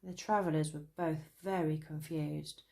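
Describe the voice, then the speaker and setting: Slow British woman reading a children's tale. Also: low-pitched, creaky. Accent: British English. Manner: slow, gentle, lively voices. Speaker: children's story reader. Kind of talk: storybook narration.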